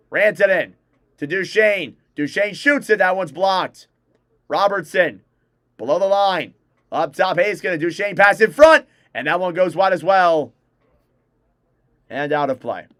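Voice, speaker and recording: A man's voice: high voice, fairly bright tone, no echo, studio quality. A young man hosting a fan livestream, giving live hockey play-by-play and calling out player names as the action moves. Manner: rapid name-calling play-by-play, self-correcting.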